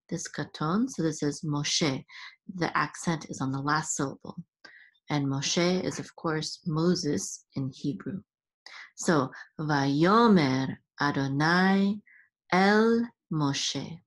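Woman teacher, lowish voice, very slow and patient, breaks each word into its sounds. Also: husky. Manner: patient, sounds out letters and syllables one by one. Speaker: Hebrew reading teacher and podcast host. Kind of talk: step-by-step reading lesson.

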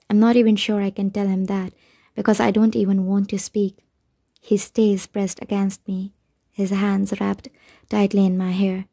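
A woman narrating a novel in the first person, in an even, measured reading. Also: medium pitch. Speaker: audiobook narrator.

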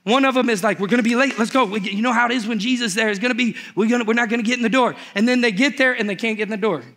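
Male pastor, high voice, animated comic storytelling in a church sermon. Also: rapid-fire. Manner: animated storytelling, acts out the characters with humor.

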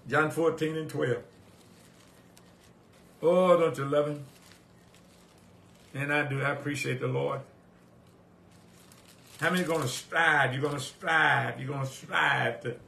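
A man's voice: fairly high pitch, gravelly, a little hiss or hum. Echoey man preaching with rising fervor. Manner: swings between quiet reflection and loud rising exhortation; repeats phrases, quotes scripture in old wording. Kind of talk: sermon. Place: church sanctuary. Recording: echoey church room.

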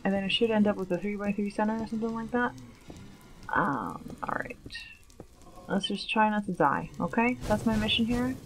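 A woman's voice: mid-range voice, normal speed, slight background noise, poor audio. A woman giving casual gameplay commentary, chatty and nervous, often questioning herself aloud. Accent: Long Island put-on at times. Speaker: let's play gamer.

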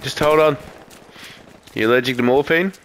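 A man's voice: medium pitch, normal speed. A man, chatting and swearing while playing a war game as the team medic. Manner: joking, swearing, banters with teammates. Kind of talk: casual gaming chat. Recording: gunfire noise behind. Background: loud in-game gunfire and explosions.

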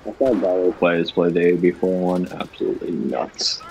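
A young man with a somewhat low voice plays a team shooter with friends. He barks short callouts and swears now and then. Faint game noise sits behind him. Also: steady tone, fairly quick, gravelly, a little mellow, lo-fi sound. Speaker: gamer. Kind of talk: casual gaming chat.

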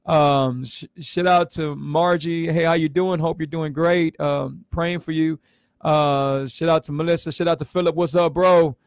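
Gravelly earnest man in his forties. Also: fairly high pitch, steady tone, measured pace, dry recording, studio quality. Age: 40s. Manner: earnest, emotional, repeats himself and stumbles, gives shout-outs. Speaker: vlogger sharing his health story on a livestream. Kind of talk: casual livestream talk.

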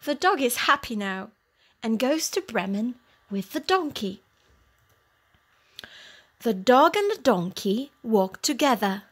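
Slow, clear woman reading a story. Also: fairly high pitch, sing-song. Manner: clear, simple phrasing. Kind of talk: slow storybook narration for young English learners.

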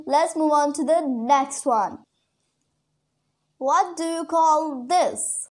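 High-voiced, slow-talking woman teaching English. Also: darkish tone. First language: Urdu. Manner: chatty, repeats words slowly for learners. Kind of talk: casual online lesson.

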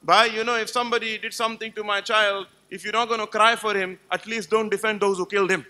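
A man's voice: high-pitched, level tone, fast talker, bright, forceful tone. A man giving an emphatic religious lecture to a live gathering, telling stories and putting rhetorical questions to the audience. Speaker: Islamic lecturer.

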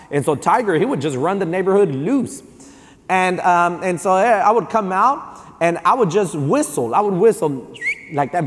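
High-voiced pastor preaching in a hall. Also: male voice. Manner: storytelling, with repeated restarts. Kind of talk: sermon. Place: church hall. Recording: long church-hall reverb.

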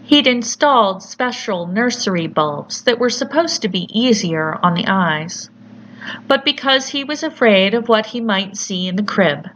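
A woman narrating a horror story in a measured, deliberate storytelling manner. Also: medium pitch, lively intonation, a bit bright. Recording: slightly muffled with faint hiss.

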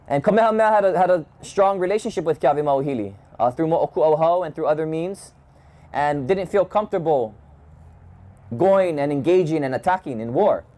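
Man from Hawaii, fairly high voice, slow measured storyteller. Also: dark tone. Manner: measured, thoughtful storytelling with restarts. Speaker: community leader. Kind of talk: storytelling talk. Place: home gathering, indoors.

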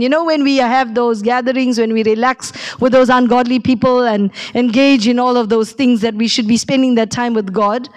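A woman's voice: on the high side, steady tone, moderate pace. A middle-aged woman pastor, preaching a sermon and telling a personal story, acting out the people she quotes. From South Africa.

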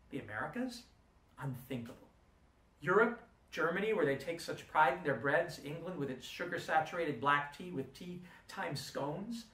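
A man's voice: fairly high pitch, a bit bright. A man giving a recorded lecture, telling a personal story and arguing his point earnestly with rhetorical questions. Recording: roomy room, distant mic.

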